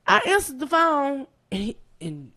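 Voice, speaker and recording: A woman, guest on a podcast, telling a long story in an excitable, animated way. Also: a little slow. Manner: animated, excitable storytelling with big pitch jumps and profanity. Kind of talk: storytelling in casual chat.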